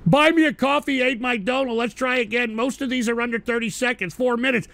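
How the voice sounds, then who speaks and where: Gravelly, profane livestream host. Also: male voice, extremely high pitch, fairly even intonation, brisk, hardly any pauses, no echo. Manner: profane, exasperated, reacts loudly to viewer clips. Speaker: livestream talk show host. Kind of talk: crude casual stream commentary.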